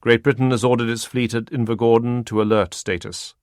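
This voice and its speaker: A man narrating a spy novel audiobook in a steady, measured reading. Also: medium pitch, no room sound, studio quality. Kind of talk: scripted narration.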